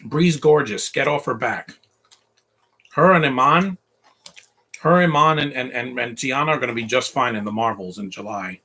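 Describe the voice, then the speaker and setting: A man's voice: medium pitch, brisk, hardly any pauses, fairly bright tone, husky. A man hosting a casual live movie commentary, opinionated, rambling and defensive.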